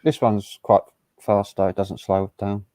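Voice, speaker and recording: Laid-back man with a mellow voice. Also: lowish voice, level tone, normal speed, no echo. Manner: laid-back, dry, brief remarks. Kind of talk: casual stream chat.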